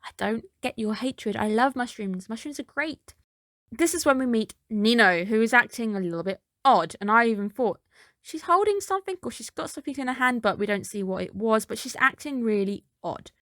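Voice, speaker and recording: A woman's voice: on the high side, lively intonation, brisk, a bit bright, no echo, studio quality. A woman reviewing an anime episode in a casual recap, chatty and dropping skeptical asides.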